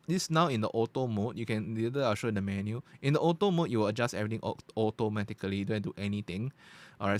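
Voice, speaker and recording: A man with a fairly low voice gives a chatty, informal product review, explaining each feature step by step. He talks into a USB podcast mic from a little way back in a home recording room, and the sound is dry with almost no room echo. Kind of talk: casual tech review demonstration. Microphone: studio USB podcast microphone at close to medium distance.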